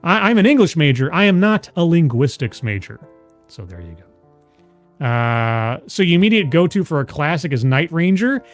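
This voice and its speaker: Animated, rambling livestream host, a man. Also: a little high, moderate pace, soft background music. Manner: rambling and self-deprecating, with frequent restarts. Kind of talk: casual livestream chat reading viewer comments.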